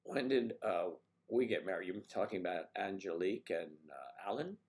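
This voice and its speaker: A low-pitched older man chats casually on a live stream and answers viewers one by one. He clears his throat a lot and restarts his sentences. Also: expressive, a little mellow. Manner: chatty, halting, frequent throat-clearing.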